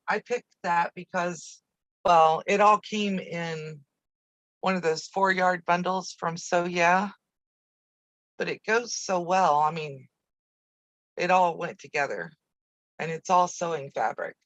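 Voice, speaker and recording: A woman's voice: lowish voice, fairly bright tone, no room sound, poor audio. A woman hosting a casual live quilting stream from her home sewing room, chatting in a rambling way with easy asides while she works, picked up by a camera on a video-call setup. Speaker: quilting channel host.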